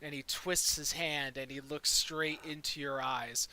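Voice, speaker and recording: A man's voice: a little high, fairly even intonation, a little slow, bright, forceful tone. A young man running a tabletop game as dungeon master, narrating in a laid-back way with many fillers.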